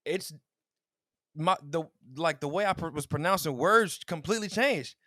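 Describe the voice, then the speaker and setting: A man's voice: fairly high pitch, moderate pace, no echo, clean studio sound. A man co-hosting a podcast, telling stories in casual chat and acting out the quotes he tells. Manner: animated storytelling, acts out quotes, laughs often. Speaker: podcast co-host.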